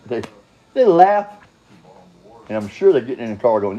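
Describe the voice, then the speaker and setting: A man's voice: medium pitch, very animated, moderate pace, dull audio. An older man telling his own story in a rambling, casual monologue, blunt and profane, chuckling and drifting off on tangents.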